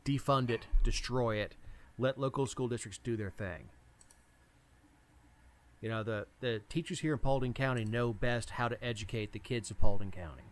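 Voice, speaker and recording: A man talks bluntly in a relaxed, folksy manner. His voice is of average male pitch, and he states his views without softening them. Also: normal speed, slight background noise. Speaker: podcast co-host. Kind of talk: casual political chat.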